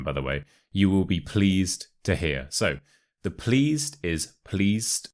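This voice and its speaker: A man with a modern RP British accent teaching English expressions, repeating phrases slowly and clearly to show how they sound, with light, playful asides. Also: low voice, expressive. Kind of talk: teaching with pronunciation drills.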